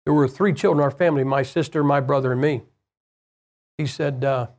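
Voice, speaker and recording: A man's voice: medium pitch, fairly even intonation, fairly quick, darkish tone. A man preaching a sermon, telling a personal story in a plain-spoken, conversational way and firing rhetorical questions at the congregation.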